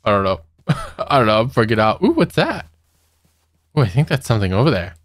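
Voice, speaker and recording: A man's voice: on the low side, big pitch swings, fairly quick, no echo, studio quality. A young man giving casual let's-play commentary, nervous and giggly, talking to the monsters he meets. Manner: nervous, giggly, talks to mobs. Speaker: gaming youtuber.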